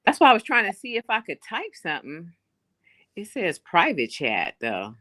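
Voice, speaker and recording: A woman who is a guest on a live stream, chatting casually and quick to laugh. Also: on the low side, wildly swooping pitch, sharp tone.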